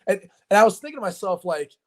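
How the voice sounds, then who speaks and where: A man co-hosting a casual sports podcast, telling animated stories full of filler words. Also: high voice, fast. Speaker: podcast co-host.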